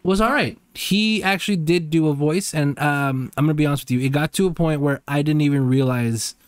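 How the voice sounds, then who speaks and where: A man's voice: a little high, fairly quick, clean tone, no room sound. A man co-hosting a podcast in casual chat, with laid-back, rambling phrasing and many hesitations. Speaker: podcast co-host.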